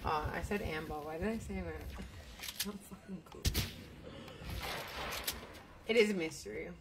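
A woman's voice: lowish voice, moderate pace, very noisy. A young woman streaming a game, chatting casually, reading out viewer comments and swearing freely. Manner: chatty, swears freely, jumps between topics. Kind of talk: casual chat while gaming and reading out comments.

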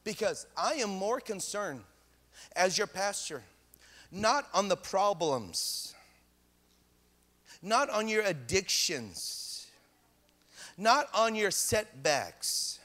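A man preaching a sermon as pastor, animated and repeating phrases, in a church hall. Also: high voice, slow pace, long pauses.

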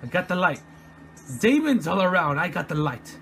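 A man playing a horror game and commenting casually, jumpy and swearing constantly, yelling and laughing at the scares. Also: high-pitched, big pitch swings, moderate pace, slight background noise. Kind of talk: casual let's-play commentary.

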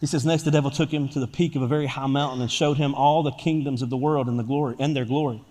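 A pastor preaching a sermon to his church, swinging from quiet talk to loud shouting. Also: mid-range voice, fairly even intonation, fast talker. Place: church sanctuary. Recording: church hall reverb.

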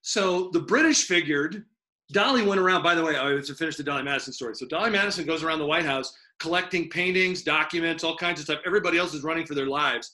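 A man teaching an online history class in an animated, joking, rambling way over a video call. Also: on the high side, quick pace.

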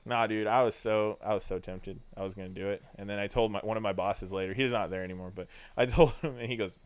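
A man's voice: on the low side, steady tone, a little fast. Laughing young man telling stories. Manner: storytelling, laughs often, does voices. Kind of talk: casual chat.

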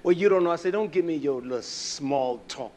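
A middle-aged man preaching a sermon in a somewhat high voice. He swings from loud, shouted declarations to low, muttered storytelling. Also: brisk, slight background noise.

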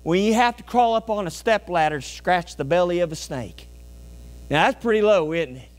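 A pastor preaching a folksy, animated sermon, asking the congregation questions and telling homey stories. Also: male voice, high voice, normal speed. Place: church sanctuary.

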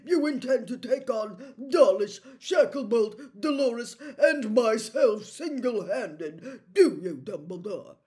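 A woman voicing a blustering, pompous older man who shouts orders. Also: on the high side, lively intonation, takes it slowly, few pauses, voice pushed up.

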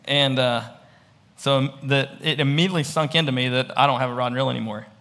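A man's voice: medium pitch, fairly even intonation, brisk, bright, forceful tone. A man preaching a storytelling sermon in a conversational, rambling way, often checking in with the listeners. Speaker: pastor. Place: church. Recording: echoey church hall.

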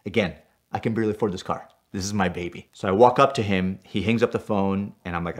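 A man from Puerto Rico tells a car story with a somewhat low voice. He is animated and excitable, and he keeps checking in with "right?" as he builds the tension. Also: quick pace. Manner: excitable, tags lines with "right?", gets worked up as he tells it. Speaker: stunt driver telling car stories.

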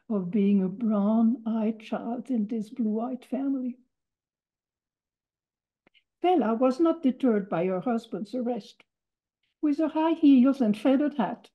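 Lady in her 80s from belgium reading her memoir talk, very slow, dull lo-fi audio. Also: on the high side. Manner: measured, deliberate. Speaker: Holocaust survivor speaker. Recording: dull lo-fi recording.

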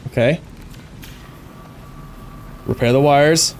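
A man giving excitable let's play commentary, thinking aloud and gasping at each new find. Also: fairly high pitch, slow pace, a little hiss or hum. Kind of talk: gameplay commentary.

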